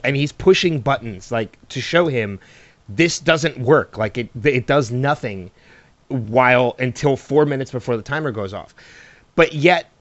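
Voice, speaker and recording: A man's voice: mid-range voice, a bit bright, no room sound. A man chatting casually about a TV episode, laughing a lot and repeating himself as he builds a point. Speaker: podcast co-host. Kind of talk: casual TV recap chat. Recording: dull, lo-fi dry recording.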